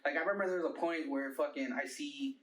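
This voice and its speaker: A man's voice: on the high side, quick pace, a bit bright, distant mic, slight background noise. Profane rambling young man telling a story. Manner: profane, rambling storyteller, bro-talk fillers. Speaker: rapper and producer guest. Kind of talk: casual storytelling interview. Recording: roomy, mic set back.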